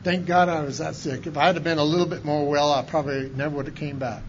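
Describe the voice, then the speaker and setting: A man telling his own recovery story from drinking in a folksy, colloquial way, swinging from loud bursts to hushed tones. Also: a little high, little pitch movement, fast, dull audio, background noise. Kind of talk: personal recovery testimony.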